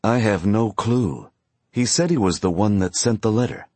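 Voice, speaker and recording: A stern young police officer firing off insistent questions, as a storyteller plays him. The voice is husky and a touch higher than the reader's deep natural tone, recorded dry and close. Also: male voice, moderate pace, a little mellow, no echo, lightly acted.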